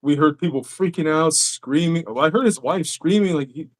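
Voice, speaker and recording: A man's voice: on the high side, moderate pace. A man hosting a podcast, telling stories in a casual, profane way. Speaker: podcast host. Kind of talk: casual chat.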